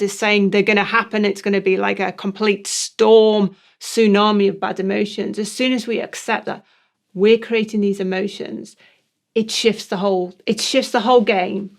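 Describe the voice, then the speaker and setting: A woman co-hosting a coaching podcast, agreeing and building on her partner's points in easy conversation. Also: medium pitch.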